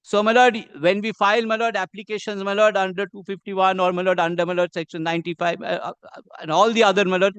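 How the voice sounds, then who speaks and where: A man with an Indian English accent, arguing a case before a judge in measured, deferential courtroom speech. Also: sits high, flat delivery, fairly bright tone, clean tone, no echo. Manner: measured and deferential, says "my lord" constantly. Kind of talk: formal courtroom argument.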